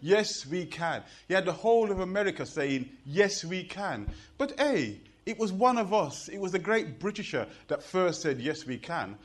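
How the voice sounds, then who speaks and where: A middle-aged man with a Birmingham Jamaican accent, telling jokes and stories and reciting poetry on stage in an animated, rhythmic way. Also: high voice, normal speed, hardly any pauses. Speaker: poet and performer. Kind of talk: live storytelling and poetry performance.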